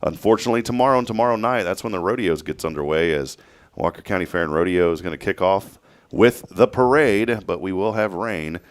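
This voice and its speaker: A man's voice: deep voice, a little fast, clear, resonant tone. A man with a Texan accent hosting a casual morning radio show, folksy and joking with his guests.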